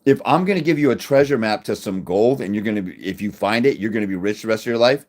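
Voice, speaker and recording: A middle-aged man talks straight to camera in a crude, confrontational rant. He trips over restarts, then punches his points hard and loud, his pitch leaping up. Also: fast. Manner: combative, crude, many restarts, swings loud when making points. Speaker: fathers' rights advocate. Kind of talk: blunt direct-to-camera rant.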